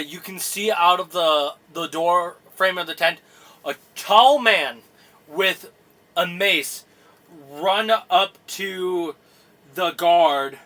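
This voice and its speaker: A man narrating a tabletop game as game master, in halting, rambling sentences full of fillers. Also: high-pitched, sharp tone.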